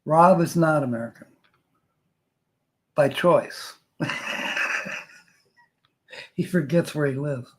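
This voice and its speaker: A man's voice: fairly high pitch, slow pace, long pauses, low-quality recording. An older man hosting a casual live stream, reading viewer comments aloud and joking with a frequent chuckle.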